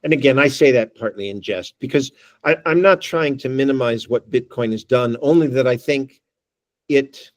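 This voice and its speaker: This guest speaker at a working group meeting talks at a medium pitch and moderate pace, recorded dry. His presentation with discussion is thoughtful and wry, full of asides, and he often restarts phrases while thinking aloud.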